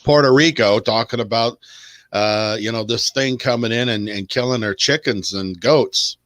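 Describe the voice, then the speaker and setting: A man's voice: medium pitch, normal speed, fairly bright tone, no room sound. A man co-hosting a podcast, cutting in with questions and objections. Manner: interrupting, questioning. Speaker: podcast co-host. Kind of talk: casual podcast chat.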